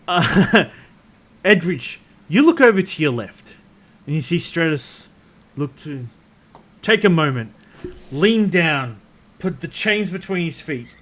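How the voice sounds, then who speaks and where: A man running a tabletop game as game master on a live stream, easygoing and quick to laugh. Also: high-pitched, fairly bright tone.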